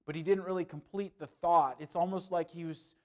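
A man, a pastor, preaching a sermon with passion, swinging between loud pleading and hushed earnestness. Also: on the high side, steady tone, a little fast.

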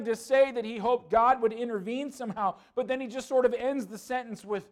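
High-voiced man preaching with passion. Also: brisk, few pauses. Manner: impassioned preaching, swinging from loud pleading to hushed earnestness. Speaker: pastor. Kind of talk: sermon.

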